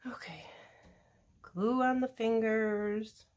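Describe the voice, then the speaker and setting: A woman hosting a crafting video, talking casually to viewers in a relaxed, chatty way while working with her hands. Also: fairly high pitch, slow pace. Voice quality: relaxed, chatty, self-deprecating asides.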